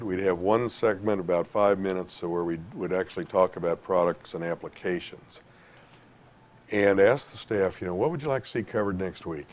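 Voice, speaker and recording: A man's voice: low voice, darkish tone. A middle-aged man answering interview questions with folksy, emphatic advice and lots of fillers. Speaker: industry guest giving retail sales advice.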